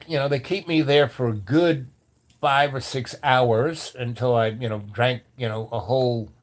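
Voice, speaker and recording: Older man telling a rambling story. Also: medium pitch. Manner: animated, acts out quoted voices; rambling with restarts. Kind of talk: casual storytelling.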